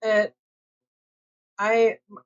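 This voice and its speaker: Woman vlogger, casual hesitant storytelling, mid-pitched, dull lo-fi recording. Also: completely flat delivery, very slow. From Southern California. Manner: rambling, hesitant, full of fillers and self-corrections.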